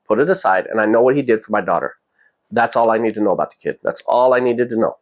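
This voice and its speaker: Brief: male vlog host, rapid casual storytelling, mid pitch, rambling. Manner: rambling, full of "you know" and quoted dialogue.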